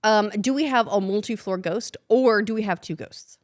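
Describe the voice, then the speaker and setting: Chatty American woman podcast co-host. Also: medium pitch. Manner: quick, chatty, playful. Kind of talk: casual chat.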